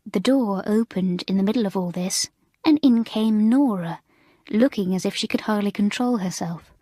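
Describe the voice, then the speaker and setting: A woman reading a children's school story aloud in an expressive, measured narration. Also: medium pitch, no echo, clean studio sound. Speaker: audiobook reader.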